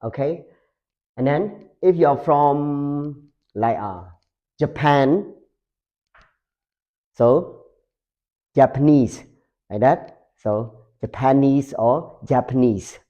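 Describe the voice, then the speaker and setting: Guy teaching slow, lots of uh and like, dull lo-fi mic. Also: mid-range voice. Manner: slow and halting, many fillers, repeats words. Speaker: English teacher. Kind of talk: slow classroom explanation. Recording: dull lo-fi sound.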